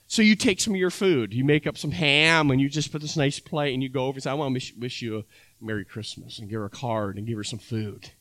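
A man's voice: on the high side, a bit bright, dry recording. A man preaching a sermon as pastor, talking conversationally and acting out little dialogues with his listeners.

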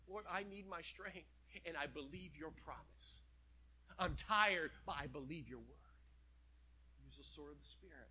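A middle-aged man preaching a sermon with emphatic, animated delivery, slowing down to read scripture. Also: on the high side, slightly rough.

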